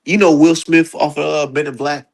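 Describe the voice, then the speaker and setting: A man's voice: fairly high pitch, level tone, moderate pace, creaky. A man hosting a casual boxing talk stream, emphatic and profane, voice jumping up when he gets heated. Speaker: streamer host.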